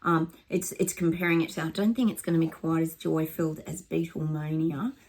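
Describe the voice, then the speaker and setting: A woman's voice: sits low, steady tone, brisk, a little mellow. A woman giving a rambling psychic reading to camera, with lots of ums and restarts.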